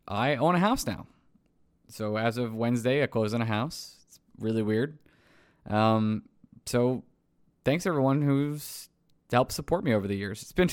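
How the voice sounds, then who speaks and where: A tired New York man closes out his podcast late at night, his voice on the low side with a clean tone. He rambles, stumbles over names, and pokes fun at himself as he goes.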